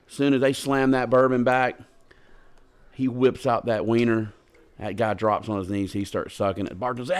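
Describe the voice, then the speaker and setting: A man's voice: mid-range voice, steady tone, moderate pace, pauses often. A man co-hosting a podcast in casual chat, rambling and crude as he tells a long dirty joke. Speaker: podcast co-host.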